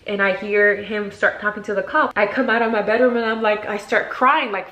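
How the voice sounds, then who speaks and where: A woman's voice: mid-range voice, fairly even intonation, brisk, hardly any pauses. A young woman vlogger telling a story in a casual storytime video, full of "like" fillers and acted-out quotes. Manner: chatty, frequent "like" fillers; acts out quotes with sudden shifts in loudness. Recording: roomy echo.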